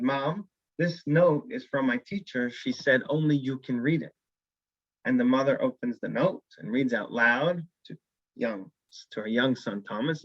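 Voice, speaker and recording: A man's voice: medium pitch, no echo, highs cut off. A man teaching a weekly Torah class as a rabbi, telling a story and acting out the characters' lines. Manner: animated storyteller who acts out characters' lines.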